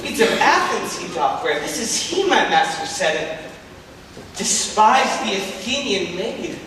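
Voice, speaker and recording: Teen boy doing a sly sprite, high voice, drawls it out slow, echoey hall from way back. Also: sing-song. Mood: mischievous. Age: teens. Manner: slow, mocking, sneaks in jokey asides. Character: mischievous male fairy sprite. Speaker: student actor. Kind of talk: school stage play. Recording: echoey hall from far off, noisy.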